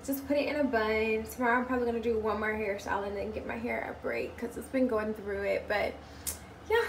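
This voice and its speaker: Brisk and steady, a woman with a voice on the high side vlogs her trip, chatting openly to the camera and sampling food as she talks. She's not from Hawaii and seems tired and irritated. Background noise is present as she moves between her hotel room and outings.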